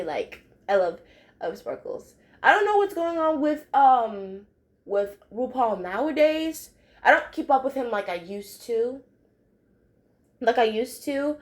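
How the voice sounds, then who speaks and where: Young woman, casual review vlog, chatty, lots of fillers and repeats, slightly high pitch. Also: sing-song, measured pace. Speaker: cartoon episode reviewer.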